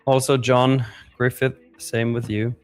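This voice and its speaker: A man's voice: mid-range voice, level tone, unhurried, darkish tone, clean tone, faint music behind. Joking man co-hosting a live stream. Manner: joking, reads viewer comments aloud. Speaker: stream co-host. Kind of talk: casual live-stream chat.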